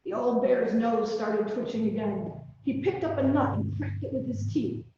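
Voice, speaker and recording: A woman reading a children's story aloud at a church service, gentle and expressive. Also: fairly high pitch, normal speed, a little hiss or hum. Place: large echoey church hall. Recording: distant, dull, echoey hall recording.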